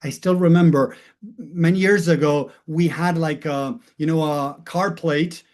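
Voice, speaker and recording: A man's voice: on the high side, fairly even intonation, measured pace, darkish tone. A middle-aged man, a life coach, telling a personal story in an earnest way and repeating words for emphasis.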